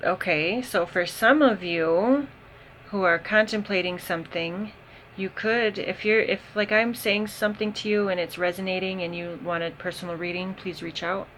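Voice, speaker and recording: A woman giving a casual tarot reading, unhurried and thinking aloud with frequent pauses and ums. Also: medium pitch, fairly bright tone, slight background noise, poor audio. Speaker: tarot reader.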